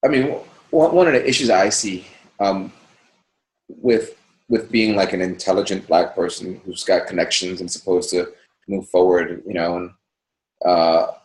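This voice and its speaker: A man with a deep voice speaks thoughtfully, often restarting his sentences as he works out an idea. There is a noticeable roomy echo around him. He is talking in a candid one-on-one conversation. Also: measured pace. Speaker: conversation partner. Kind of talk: casual heartfelt conversation.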